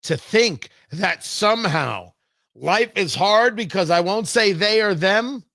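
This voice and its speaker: A talk show host with a fairly high, bright voice delivers combative, emphatic commentary. His pitch swings widely as he presses his points. The sound is close and dry. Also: lively intonation, slow, vocal fry, no room sound.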